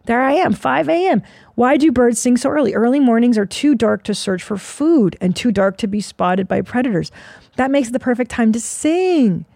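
A woman's voice: on the high side, creaky, a little mellow, no room sound. A woman in her forties hosting a podcast, talking in a loose, profane, rambling and self-mocking way. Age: 40s. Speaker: podcast host. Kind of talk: casual solo monologue.

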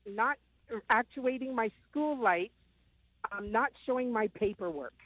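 A woman's voice: on the high side, expressive, measured pace, no echo. Fifties woman calling in, rambles a lot, um um, sounds like a phone line. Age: 50s. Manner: rambling retelling with many ums. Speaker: caller. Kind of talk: phone-in call.

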